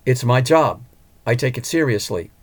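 A man voicing a calm, loyal chauffeur. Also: mid-range voice, normal speed, close to an everyday voice. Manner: calm, polite and steady.

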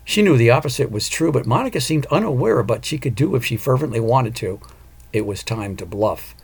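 A man reading a novel aloud in an even, measured storytelling manner. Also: medium pitch, creaky, breathy edge. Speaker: audiobook narrator. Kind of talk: scripted narration.

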